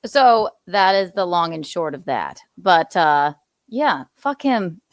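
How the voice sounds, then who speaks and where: A woman's voice: lowish voice, big pitch swings, takes it slowly, no echo, clean studio sound. A woman hosting a podcast in casual chat, talking bluntly with heavy swearing. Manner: blunt, profane and heated. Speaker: podcast host.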